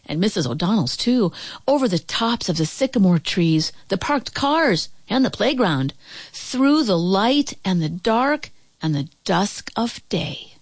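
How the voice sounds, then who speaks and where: A woman reading a children's storybook aloud in an expressive voice that rises and falls with the action. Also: mid-range voice, measured pace, dry recording. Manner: expressive, rising and falling with the action.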